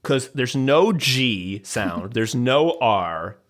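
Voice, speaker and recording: Brief: male podcast guest, mid-pitched voice, excitable and rambling, fills his talk with "like". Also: extremely slow. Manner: animated, rambling, full of restarts and "like". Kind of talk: casual podcast chat.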